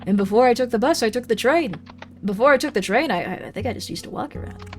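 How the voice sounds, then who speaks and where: A woman's voice: a little high, expressive, fast, darkish tone, faint music behind. A woman voicing a wistful townsperson who rambles in a reflective, meandering way.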